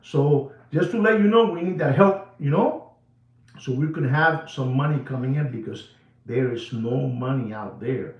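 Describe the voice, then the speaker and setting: Excitable bilingual man. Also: roomy sound, far from the mic, dull audio. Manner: excitable, switches between English and Spanish, repeats himself; drops to a low serious tone. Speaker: watch channel host. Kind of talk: animated casual monologue.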